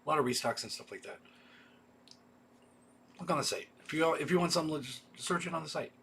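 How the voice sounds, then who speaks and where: A man's voice: fairly high pitch, a little fast, gravelly, fairly bright tone, slight background noise. A man hosting a casual livestream, reading off a list of titles with offhand asides. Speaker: video store host. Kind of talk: casual livestream product rundown.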